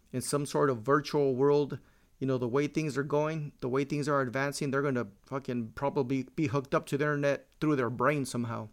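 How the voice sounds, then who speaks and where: A man in his forties hosting a casual solo podcast, joking and swearing freely, dropping in Spanish words. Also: mid-range voice. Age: 40s. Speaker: podcast host.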